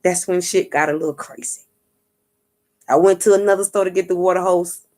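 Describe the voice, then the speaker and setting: Her voice is fairly low and brisk as this vlogger and spiritual reader tells a story casually to her audience. Swearing freely in street-style speech, she acts out what others said with animation and keeps checking in with "you get what I'm saying."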